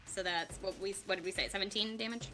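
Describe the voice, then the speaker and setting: A woman narrating as game master of a tabletop game, upbeat, with quick asides and frequent laughs. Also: medium pitch, bright, forceful tone, faint music behind.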